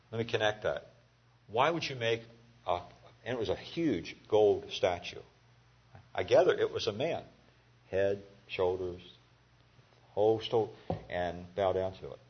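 A man's voice: fairly low pitch, unhurried, long pauses, slightly rough. A man teaching a Bible class in a folksy, conversational way, telling the story and asking his students questions. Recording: dull lo-fi recording.

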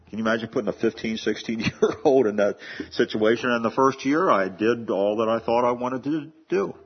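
Husky low-voiced male preacher. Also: muffled recording. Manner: earnest, repeats words while building a point. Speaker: pastor. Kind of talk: sermon.

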